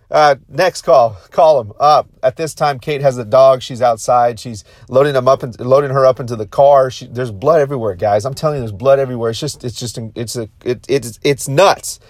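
A man in his thirties telling a story to his viewers, intense and excitable, often repeating and restarting his phrases. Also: mid-range voice, a little fast, few pauses, dry recording, studio quality. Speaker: motivational vlogger.

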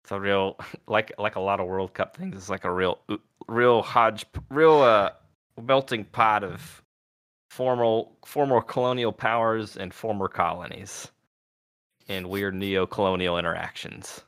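Low-voiced man making dry jokes. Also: steady tone, a little slow, fairly bright tone. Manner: dry, joking asides. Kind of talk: casual chat.

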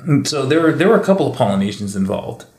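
Man, casual chat, animated storyteller, gravelly voice, echoey room. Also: medium pitch, fast. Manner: animated storyteller, slips into mimicked accents.

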